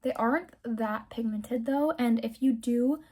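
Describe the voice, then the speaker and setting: Young woman doing a makeup tutorial, kinda high voice, chatty, gushy, swears when she rants. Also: a little slow, background noise. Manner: chatty, candid, swears freely when ranting; gushing about products. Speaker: beauty vlogger. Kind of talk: casual makeup tutorial chat.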